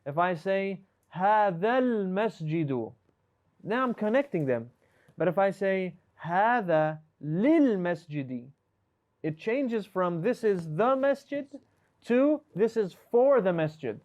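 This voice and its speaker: A man's voice: sits high, expressive, unhurried, darkish tone, lo-fi sound. Patient male teacher quizzing his students. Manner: patient, questioning, switches between English and Arabic terms. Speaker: Arabic teacher. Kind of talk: live online class, correcting students.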